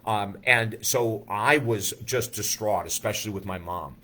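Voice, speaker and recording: A man's voice: lowish voice, a little slow, bright, forceful tone. A male life coach telling an earnest, emotional personal story in a monologue, often restarting his sentences.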